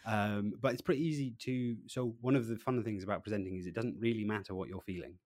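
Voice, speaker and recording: A man giving an interview about his training work, lively, acting out little voices and swinging between loud and quiet. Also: lowish voice, quick pace, no echo, clean studio sound. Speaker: presentation trainer, guest. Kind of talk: animated podcast interview.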